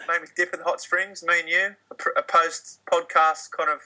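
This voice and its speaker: A man's voice: on the high side, level tone, normal speed, pushed and bright, rough recording. A man co-hosting a podcast, laid-back and joking. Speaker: podcast host. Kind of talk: casual podcast chat.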